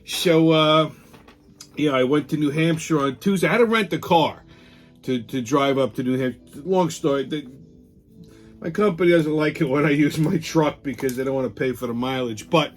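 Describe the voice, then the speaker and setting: A man's voice: fairly high pitch, normal speed, soft background music. A middle-aged man, hosting a casual monologue show, blunt, profane and ranting. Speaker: podcast host.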